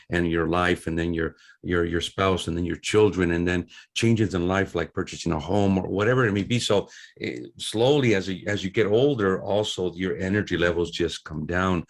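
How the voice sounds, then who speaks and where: A man's voice: low voice, steady tone, moderate pace. A man hosting an interview podcast, talking in long rambling stretches with repeated words. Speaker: podcast host.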